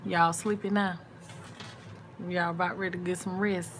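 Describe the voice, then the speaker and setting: A woman's voice: on the low side, little pitch movement, moderate pace, slight background noise. A woman, sleepy and chatty, talking casually to viewers in a late-night live chat. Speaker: vlog host.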